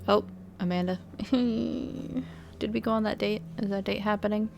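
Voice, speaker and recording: Woman, game streamer, casual commentary, reads messages aloud, vocal fry, faint background noise. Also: medium pitch, steady tone, measured pace, a little mellow. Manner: musing, trailing off with fillers.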